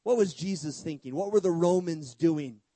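A man preaching with a high but mellow voice, pressing his points through rhetorical questions and then dropping to a near hush. He mixes earnest conviction with casual, joking asides. The sound is dry and close, with no room around it. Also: normal speed, dry recording, rough recording. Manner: emphatic preaching with sudden hushed drops and rhetorical questions. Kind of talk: sermon.

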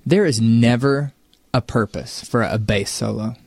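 Male radio co-host, mid pitch, firm opinions, dry booth mic. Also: measured pace, creaky, darkish tone, no room sound. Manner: joking, opinionated. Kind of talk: morning radio banter.

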